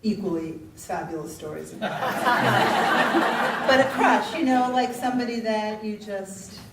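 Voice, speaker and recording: A woman's voice: medium pitch, unhurried, heavy background noise. A woman hosting a live author panel, chatty and loose in her questions. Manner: chatty, loose, full of fillers. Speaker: event host and moderator. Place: event room. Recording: echoey room mic from a distance.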